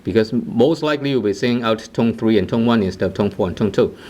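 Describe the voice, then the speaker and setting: A man's voice: fairly low pitch, fast, a little mellow. A man teaching a casual online language lesson, demonstrating tones with sung phrases and often checking in with "right?". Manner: sings short phrases and repeats syllables to demonstrate tones; frequent "right?" check-ins and restarts. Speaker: Cantonese teacher.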